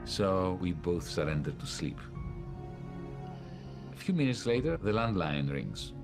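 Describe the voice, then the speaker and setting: A very low-voiced middle-aged man narrates his own account, measured and unhurried, stopping now and then to search for words. Music plays clearly beneath him. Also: very animated. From Greece. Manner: measured storytelling with pauses and fillers. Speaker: documentary narrator. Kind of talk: first-person documentary narration.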